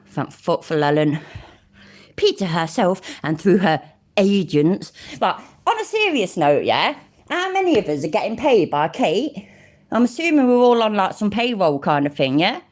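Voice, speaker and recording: A middle-aged British woman with a lowish, sing-song voice hosts a casual livestream at a moderate pace. She reads a legal document aloud to chat, laughing, swearing and sarcastically mocking it.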